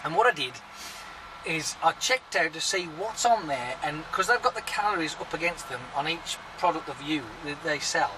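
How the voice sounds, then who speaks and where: A man's voice: fairly high pitch, animated, normal speed, background noise. Rambling man, distant mic. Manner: rambling, chatty, swears freely. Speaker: vlogger. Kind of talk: casual vlog chat.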